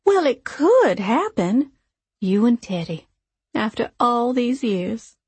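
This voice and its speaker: Here is a teasing, meddling mother in an audiobook, as a woman reader puts her on. The voice rides high and eager, stretching her hints out slowly. A faint huskiness and a close, dry sound stay under it. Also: sing-song, breathy edge, dry recording, heavily acted. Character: playful, meddling middle-aged mother. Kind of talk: audiobook dialogue.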